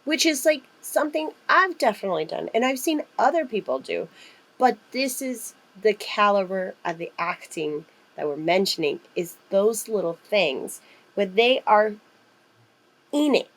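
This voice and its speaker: A woman co-hosting a horror podcast in casual chat, excitable, swearing freely and using lots of fillers. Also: medium pitch, measured pace, poor audio. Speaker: podcast co-host.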